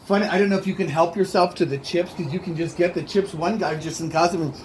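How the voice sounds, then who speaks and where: Rambling, halting man. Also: high voice, darkish tone, a little hiss or hum. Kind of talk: casual chat.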